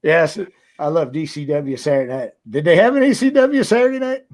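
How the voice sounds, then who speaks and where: Profane storytelling man, slightly high voice. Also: a little fast, a little mellow. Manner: loose, profane storytelling with acted-out quotes. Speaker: podcast co-host, former wrestler.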